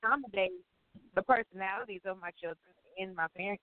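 A woman's voice: medium pitch, quick pace, dry recording. A woman co-hosting a casual talk show, blunt and teasing, who sometimes mixes up names. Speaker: co-host. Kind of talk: casual chat. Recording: phone-line audio.

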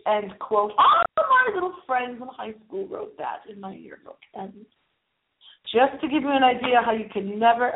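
A woman's voice: a little high, expressive, normal speed. A woman hosting a paranormal talk show in a playful, theatrical way. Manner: theatrical and playful, with big swoops in tone. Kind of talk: casual solo show monologue. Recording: tinny phone-like sound.

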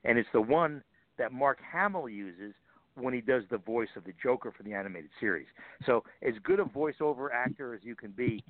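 A man's voice: medium pitch, animated, fairly quick, dry recording. A man, a voice actor guest, telling stories in a chatty interview and acting out quoted lines. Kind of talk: casual interview chat. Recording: tinny phone line.

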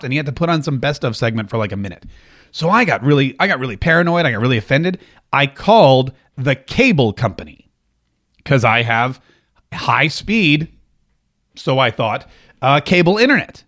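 A man from the Jacksonville, Florida area hosts his own radio and podcast show from a home studio, telling a rambling, self-mocking story as a casual comedic monologue. His voice is fairly high and a bit bright, very animated and fairly quick, with a joking tone.

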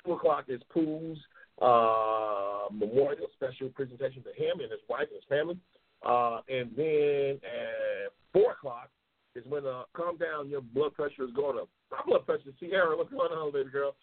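Husky, fired-up man on tinny audio. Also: mid-range voice, normal speed. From New York City. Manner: loud, emphatic, heavily profane, passionate. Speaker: talk show host. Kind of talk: profane live show talk, reading viewer comments.

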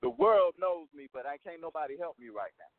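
Animated man coaching over a phone line. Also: on the high side, brisk, vocal fry, no echo. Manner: emphatic, repeats points and checks in with "right?". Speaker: motivational coach and guest. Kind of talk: animated storytelling interview. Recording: dry phone-line sound.

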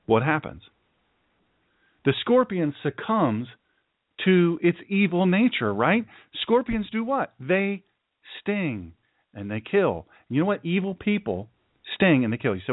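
A man who is a pastor hosting his own show, preaching forcefully and emphatically, often repeating himself for effect. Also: mid-range voice, sing-song, unhurried, no echo. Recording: dry, tinny phone-like sound.

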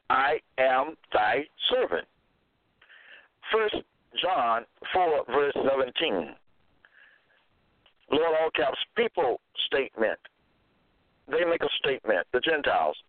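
A man preaching slowly and deliberately, quoting scripture verse by verse and repeating his phrases. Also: mid-range voice, no room sound. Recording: tinny phone-line sound, dry.

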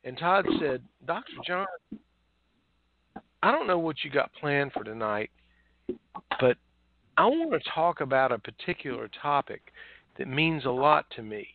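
A man hosts a casual talk radio show and often stumbles and restarts his sentences. His voice sits a little high. It sounds dry and tinny, as if over a phone. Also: big pitch swings, measured pace, gravelly, long pauses, no room sound. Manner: warm, repetitive, stumbling restarts. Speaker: host.

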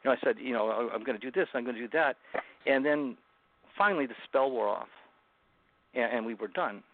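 Gravelly man on a tinny phone line. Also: medium pitch, no echo. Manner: earnest, halting retelling with many restarts. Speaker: guest author. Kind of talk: personal storytelling in an interview. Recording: phone-like remote call line.

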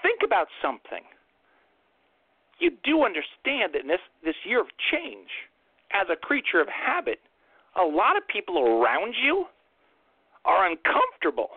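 A man's voice: high-pitched, wildly swooping pitch, normal speed, pauses often, husky, dry recording. A man hosting an impassioned political monologue, ranting fiercely and firing off rhetorical questions, over a tinny phone-like line. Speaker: host.

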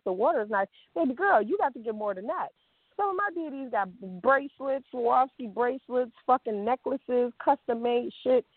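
A woman's voice: a little high, dry recording. A woman vlogger in a blunt, profane, confrontational unscripted rant, calling someone out. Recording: dry, tinny phone-like sound.

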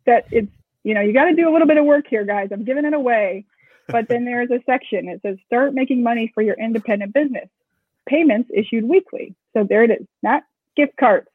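A woman co-founder of a screen printing shop, talking briskly and casually in an interview, with joking asides. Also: on the high side, slightly rough, no room sound. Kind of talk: casual explanatory interview talk. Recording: tinny phone-like audio, dry.

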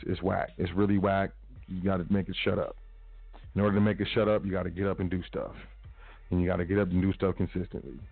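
Man, low voice, casual repetitive radio monologue, tinny line, faint music behind. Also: gravelly, breathy edge, dry recording. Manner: casual, emphatic, repeats phrases. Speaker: radio show host. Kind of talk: motivational talk radio monologue. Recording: tinny phone-like line, dry.

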